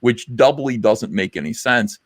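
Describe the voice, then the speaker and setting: A man's voice: mid-range voice, moderate pace, no room sound, studio quality. A middle-aged man hosting a casual livestream chat, rambling and blunt with lots of fillers. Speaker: livestream host.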